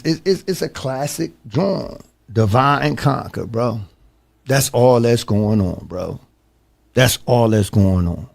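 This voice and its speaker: A man's voice: mid-range voice, gravelly. A man hosting a talk show, telling stories in a casual, emphatic way and calling his listeners "bro" often. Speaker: podcast host. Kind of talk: casual storytelling.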